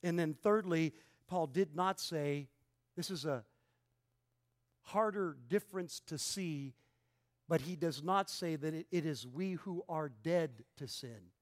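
A man preaching an expository sermon, emphatic and deliberate, leaning hard on single words. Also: fairly high pitch.

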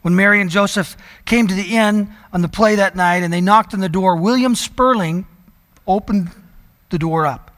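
Man, pastor, sermon storytelling, high voice, emphatic slow phrases, long hall reverb. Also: fairly bright tone. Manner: storytelling preacher, slows down for emphasis.

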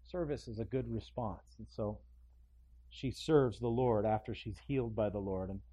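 Mellow-voiced preacher, casual and punchy. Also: male voice, lowish voice, moderate pace, husky. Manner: conversational preaching, acts out quotes with sudden loud bursts. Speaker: pastor. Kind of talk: expository sermon.

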